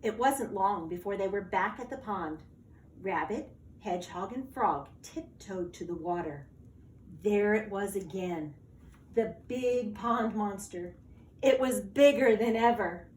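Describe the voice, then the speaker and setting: Slow, expressive woman reading a picture book. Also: medium pitch, echoey room, slight background noise. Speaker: teacher reading aloud. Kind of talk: children's storybook read-aloud.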